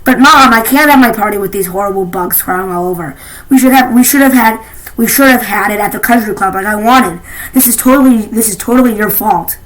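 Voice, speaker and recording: A woman's voice: medium pitch, fairly quick, close to an everyday voice, poor audio. A woman voicing a spoiled, snobbish teenage girl in a storybook reading, complaining melodramatically. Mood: whiny.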